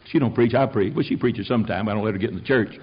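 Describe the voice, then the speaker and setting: An older man preaching a sermon in a fiery, folksy way, rising to shouted peaks. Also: fairly low pitch, rapid-fire, husky, muffled recording. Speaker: pastor.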